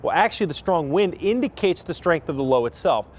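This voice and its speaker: Tv weather guy, kinda high voice, bouncy, talks in loose tangents. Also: expressive, brisk. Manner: chatty, rambling asides with self-corrections. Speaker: meteorologist. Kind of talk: TV weather forecast.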